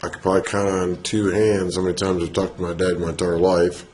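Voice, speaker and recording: A man's voice: deep voice, flat delivery, fairly quick, darkish tone, slight background noise. A young man chatting casually in a couple's home vlog, joking around and slipping into silly put-on accents. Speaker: vlogger.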